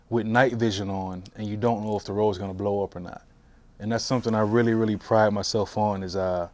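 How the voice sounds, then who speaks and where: A man's voice: medium pitch, dry recording. Man telling his war story, conversational. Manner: conversational, many fillers and restarts. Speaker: military veteran interviewee. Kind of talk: oral history storytelling. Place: interview room at a history center.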